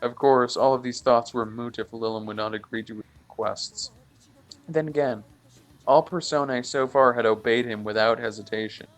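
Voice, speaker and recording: A young man reading a fan story aloud over voice chat, halting and mocking the text. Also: medium pitch, steady tone, soft background music. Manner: halting, often restarts and mocks the text. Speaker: fanfic reader. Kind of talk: mocking comedic dramatic reading.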